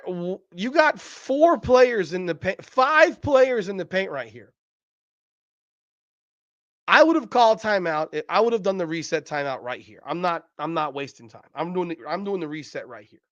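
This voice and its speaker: A man's voice: sits high, fairly bright tone, dry recording, dull audio. Ranting profane man. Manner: ranting, profane, incredulous, repeats himself. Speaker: podcast host. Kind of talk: heated sports commentary over game footage.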